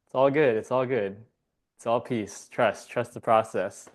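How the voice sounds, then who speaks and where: A man playing a calm, unbothered master monk who talks in soft, relaxed, low-key reassurances. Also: brisk, close to an everyday voice. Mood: serene.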